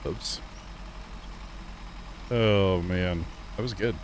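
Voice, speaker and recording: A man's voice: low voice, extremely slow, slight background noise. A man hosting a gameplay livestream, chatting and joking with viewers and teammates. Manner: chatty, jokey, talks to viewers. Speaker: livestream host. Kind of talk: casual gameplay chat.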